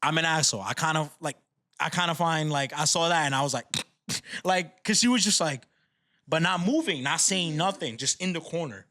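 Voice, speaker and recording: Animated young New man. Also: fairly high pitch, normal speed. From New York City. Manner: animated, laughing storyteller who acts out quotes. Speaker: podcast co-host. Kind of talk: casual storytelling.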